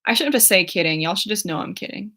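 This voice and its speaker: A woman's voice: medium pitch, lively intonation, fast talker, sharp tone. A young woman in her twenties chatting casually on a livestream at home, rambling with lots of fillers and giggles as she answers her chat. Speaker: YouTuber reading chat on a livestream.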